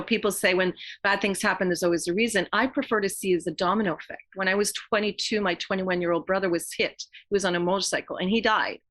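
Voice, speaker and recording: A woman's voice: medium pitch, fairly bright tone. Earnest middle-aged woman. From Quebec, Canada. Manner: earnest, heartfelt, often pausing and restarting. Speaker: yoga therapist guest. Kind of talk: reflective podcast interview talk.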